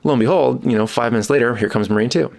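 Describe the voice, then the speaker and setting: A man, a sound mixer on a podcast, telling a casual anecdote with lively energy and quick jumps into higher voices when quoting people. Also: vocal fry. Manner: animated, jumps into higher-pitched voices for quotes. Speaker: boom operator and sound mixer guest.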